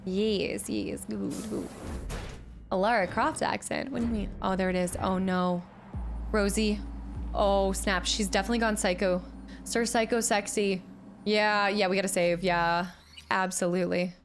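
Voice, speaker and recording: A woman streamer chatting through a game, thanking viewers and reacting loudly to the action. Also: medium pitch, steady tone, unhurried, a little hiss or hum. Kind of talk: live gameplay commentary.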